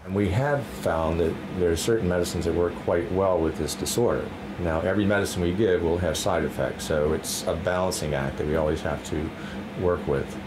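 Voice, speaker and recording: Deep-voiced doctor over room hum. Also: male voice, brisk. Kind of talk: interview.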